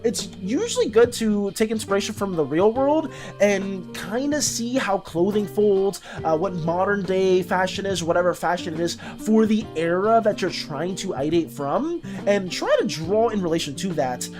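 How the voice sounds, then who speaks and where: A woman artist streamer chatting casually on a live stream, animated and chatty as she greets and thanks viewers. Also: mid-range voice, moderate pace, music in the background.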